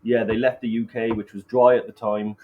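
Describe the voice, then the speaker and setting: A man's voice: fairly low pitch, level tone, a little fast, phone-quality sound. A Welsh man co-hosting a casual live-stream chat, dropping dry, joking asides. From Wales. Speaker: co-host.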